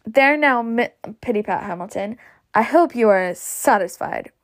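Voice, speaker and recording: A woman's voice: a little high, animated, measured pace. A woman voicing a stout, indignant older matron who scolds self-righteously.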